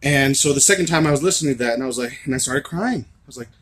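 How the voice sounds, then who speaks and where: A young man with a raspy voice, talking earnestly and rambling to camera in a confessional vlog. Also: medium pitch, very fast, a crowd in the background. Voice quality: raspy from screaming. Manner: earnest, rambling, swings from shouting to laughing to soft musing. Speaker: vlogger.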